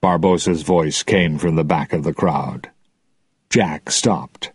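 Man reading a story aloud, slow, lively pitch, husky, dry recording. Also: no room sound. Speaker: narrator.

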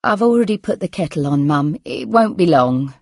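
A woman voicing a patient adult daughter who speaks calmly and gently to her mother. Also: low voice, moderate pace, dry recording, clean studio sound.

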